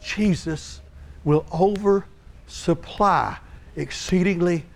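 Man, high voice, preacher, sermon, hushed then shouting, repeats and restarts words. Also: slow pace, creaky. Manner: swings from hushed storytelling to loud shouting.

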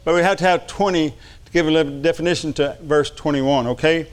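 Middle-aged pastor, preaching with fervor; smooth, resonant voice. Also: male voice, fairly high pitch, fairly even intonation, a little fast. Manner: fervent preaching with repetitions. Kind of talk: sermon.

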